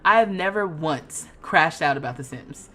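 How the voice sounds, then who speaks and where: Lively, bright-voiced woman streamer. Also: deep voice, moderate pace. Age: 30s. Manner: exasperated, dramatic rants with loud outbursts and laughter. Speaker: game streamer. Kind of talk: livestream gameplay commentary.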